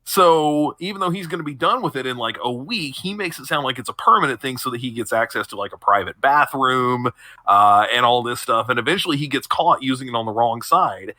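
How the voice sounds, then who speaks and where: A man's voice: medium pitch, fairly quick, bright, forceful tone, no room sound. A young man on a podcast, animatedly retelling TV episodes and laughing often mid-sentence. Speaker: podcast co-host. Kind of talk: casual chat, recapping TV episodes.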